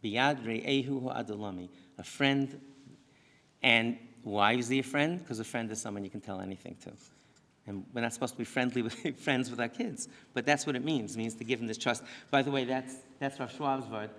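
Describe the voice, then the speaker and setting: Rabbi lecturing to a congregation, earnest and self-correcting, mid-pitched man, long hall echo. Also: normal speed, fairly bright tone. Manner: earnest, talks in restarts and asides. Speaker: rabbi giving a presentation. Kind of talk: lecture to parents. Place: synagogue hall.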